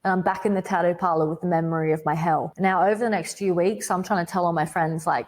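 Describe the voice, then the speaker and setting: On a podcast, a guest with an Australian accent shares her faith testimony in a voice a little low for a woman, with fairly even intonation. She speaks quickly with hardly any pauses, telling it vividly and dramatically, saying "like" a lot and erupting into sudden loud bursts.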